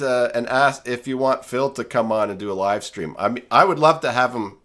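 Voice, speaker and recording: A man hosts a casual live stream from his home studio, rambling with lots of fillers and restarts. His voice is medium-pitched and fairly bright, and he speaks a little fast.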